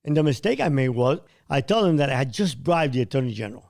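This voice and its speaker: A man's voice: medium pitch, lively intonation, quick pace, gravelly, darkish tone. A man hosting a podcast, telling a first-person story bluntly and vividly, sometimes swearing. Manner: blunt, vivid retelling with quoted dialogue; occasionally profane. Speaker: podcast host.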